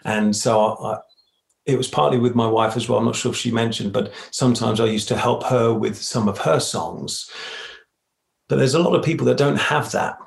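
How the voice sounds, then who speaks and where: A man, a musical theatre performer, chatting casually as an interview guest with quick, self-deprecating answers. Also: mid-range voice, gravelly, reverberant. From United Kingdom.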